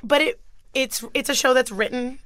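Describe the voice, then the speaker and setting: A woman's voice: high-pitched, normal speed, fairly bright tone, no echo. A woman hosting an interview, friendly and conversational, laughing easily. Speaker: guest host. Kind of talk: casual interview chat.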